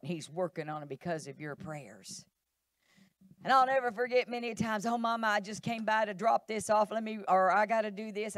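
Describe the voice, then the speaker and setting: A woman's voice: mid-range voice, dry recording, studio quality. A middle-aged woman pastor, preaching a sermon in a church, emphatic and repetitive, acting out quoted voices.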